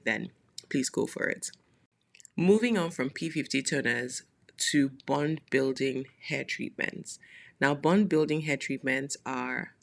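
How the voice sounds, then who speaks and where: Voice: mid-range voice, gravelly. A podcast host talking casually in a solo monologue, chatty and playful, with frequent laughing asides.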